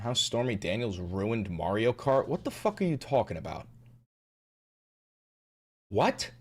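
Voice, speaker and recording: A man hosting a live stream, ranting about politics with heavy swearing and sudden shouts. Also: on the low side, big pitch swings, unhurried. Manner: profane, ranting, bursts into shouting. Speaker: livestream host.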